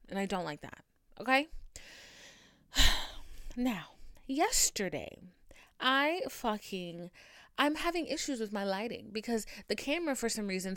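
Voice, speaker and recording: A young woman hosting her own podcast, venting in a dramatic, profane, animated storytelling manner from her home setup. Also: medium pitch, no room sound, clean studio sound. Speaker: podcast host. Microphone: podcast microphone.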